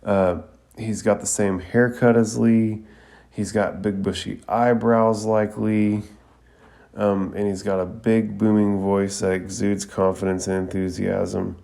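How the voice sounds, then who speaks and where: A man with a low, gravelly, dark voice hosts an anime review show. He recaps scenes casually, with plenty of "like" and "um" along the way. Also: level tone, slow pace. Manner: casual, filler-heavy retelling. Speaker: anime review podcast host. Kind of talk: casual narrated episode recap.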